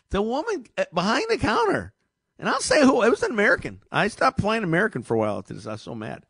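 Lively-voiced man hosting call-in radio. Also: medium pitch, gravelly, no room sound. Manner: storytelling, animated, repeats words. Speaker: radio talk show host. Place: radio studio. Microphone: studio microphone.

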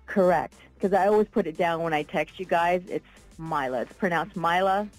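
A woman's voice: on the low side, brisk, soft background music, rough recording. A woman calling in to a radio show, friendly and cheerful. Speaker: radio caller. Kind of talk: casual call-in chat.

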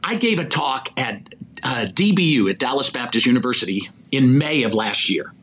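A man's voice: mid-range voice, animated, normal speed, fairly bright tone, slight background noise. An older man who is a podcast interview guest, telling stories animatedly, acting out quoted dialogue and chuckling mid-sentence. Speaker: interview guest, executive recruiter. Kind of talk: storytelling in a podcast conversation.

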